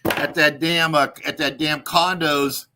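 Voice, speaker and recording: A man's voice: on the high side, fairly even intonation, measured pace, background noise. A man hosting a livestream, ranting in a rambling, profane way and laughing at his own jokes. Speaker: livestream host. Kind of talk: casual ranting livestream monologue.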